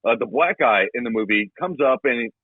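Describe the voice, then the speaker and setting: A man's voice: medium pitch, lively intonation, a little fast, no echo. A young man co-hosting a podcast, joking crudely and swearing a lot in casual chat. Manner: crude, profane, jokey. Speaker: podcast co-host. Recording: dull lo-fi podcast audio.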